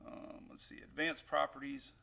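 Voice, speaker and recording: A man's voice: mid-range voice, little pitch movement, moderate pace, vocal fry, bright, forceful tone. A man hosting a casual weather livestream, rambling and upbeat as he chats with viewers. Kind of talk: casual live-stream chat. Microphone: new desktop microphone.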